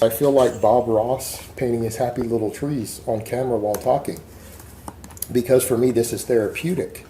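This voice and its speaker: A man's voice: mid-range voice, moderate pace. A Texan man rambling bluntly and defiantly in a casual vlog monologue while he works at a hobby. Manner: blunt, defiant, talks while hand-loading ammo. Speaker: vlogger. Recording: steady background noise.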